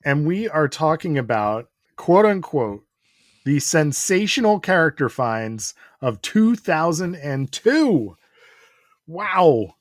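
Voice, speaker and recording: A man in his forties co-hosting a podcast, easygoing and quick to laugh. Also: fairly high pitch, big pitch swings, no echo, studio quality. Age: 40s. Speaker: podcast co-host. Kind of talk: casual comedic chat.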